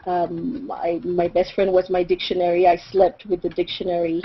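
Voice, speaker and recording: A middle-aged woman from Mexico with a Mexican accent, whose first language is Spanish, telling a personal story in a reflective way, with fillers and soft laughs. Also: on the low side, completely flat delivery, normal speed, breathy edge. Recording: slightly dull recording.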